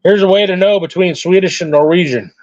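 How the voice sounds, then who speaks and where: Guy with a pretty high voice joking around on a card stream, kinda dull lo-fi sound, dry. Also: fairly quick, a little mellow, no echo. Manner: teasing, joking banter. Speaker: trading card stream host. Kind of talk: casual live-stream chat.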